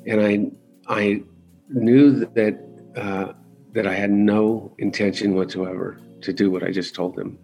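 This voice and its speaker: A middle-aged man talking candidly as an interview guest, halting and restarting often as he searches for words. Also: on the low side, steady tone, gravelly, darkish tone, soft background music. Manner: halting, with frequent restarts and fillers.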